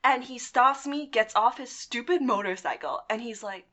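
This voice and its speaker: A young woman in her twenties telling a personal story on a podcast in a casual, animated way, swearing now and then. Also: fairly high pitch, brisk, few pauses. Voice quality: lively, animated retelling with swearing and laughs. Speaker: podcast guest.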